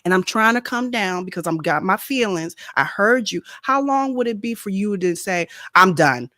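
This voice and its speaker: A woman speaks in a bright voice, recorded dry and close. She asks persistent questions and teases in relaxed conversation. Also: medium pitch, normal speed, no room sound. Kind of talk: casual chat.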